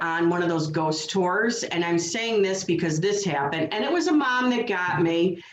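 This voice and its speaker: A woman medium telling stories in a casual interview, lively and full of acted quotes. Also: mid-range voice. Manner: animated storytelling with acted quotes. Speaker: medium, guest. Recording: roomy, dull lo-fi sound.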